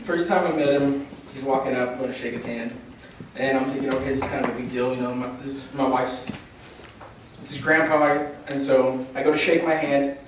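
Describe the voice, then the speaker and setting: Man eulogizing his wife's grandfather with comic anecdotes, distant mic, reverberant room, clear noise behind. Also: mid-range voice, fairly even intonation, fairly quick. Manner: laughing anecdotal storytelling. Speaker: eulogy speaker, grandson-in-law. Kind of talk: memorial eulogy. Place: memorial service hall. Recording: echoey hall from far off, noisy.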